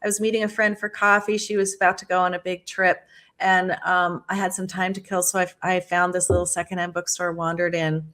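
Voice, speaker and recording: A woman's voice: on the low side, flat delivery, a little fast, fairly bright tone. A woman author speaking as a podcast guest, earnest and enthusiastic, telling a personal story in a reflective, conversational way. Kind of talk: conversational interview.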